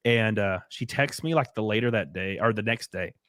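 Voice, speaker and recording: A man's voice: on the low side, normal speed, fairly bright tone, dry recording. Rambling crude young man, dry sound. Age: 20s. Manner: rambling, crude, full of fillers and restarts. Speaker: stream host. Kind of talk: casual storytelling on a live stream.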